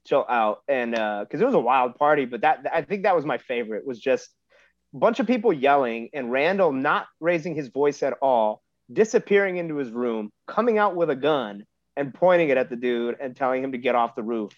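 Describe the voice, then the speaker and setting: A man in casual podcast chat, telling relaxed stories with lots of fillers as a guest. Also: medium pitch, brisk, dry recording, highs cut off. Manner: relaxed, laid-back storytelling with lots of fillers. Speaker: podcast guest, pro wrestler.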